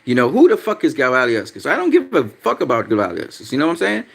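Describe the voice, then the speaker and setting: A man's voice: mid-range voice, huge pitch swings, fast talker, vocal fry. A man hosting a casual livestream, talking bluntly with lots of swearing and getting easily frustrated as he reads viewer comments. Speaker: livestream host. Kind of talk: casual livestream chat about boxing, reading viewer comments.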